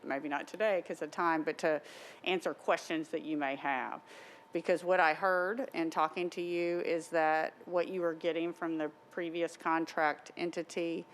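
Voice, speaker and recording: A woman with a somewhat low voice briefs a council committee on the legislative session. She is brisk and matter-of-fact, and she explains things plainly. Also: poor audio. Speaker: government affairs staffer briefing the council. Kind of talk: briefing at a meeting.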